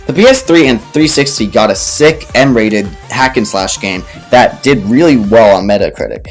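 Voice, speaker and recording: A man narrating comedic video game reviews with dry, sarcastic asides. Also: medium pitch.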